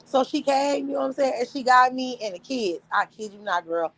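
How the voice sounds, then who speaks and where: A woman's voice: high-pitched, a little fast, low-quality recording. A young woman hosting a livestream, telling a story casually, with frequent laughter, profanity. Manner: animated, profane, laughs often. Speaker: livestream host.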